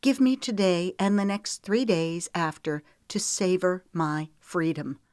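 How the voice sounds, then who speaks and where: A woman's voice: lowish voice, measured pace, darkish tone, no echo, studio quality, pitched above the performer's own voice, lightly acted. A woman narrator voicing a tearful, defiant young woman in an audiobook, with a pleading, emotional delivery. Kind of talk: audiobook character voice.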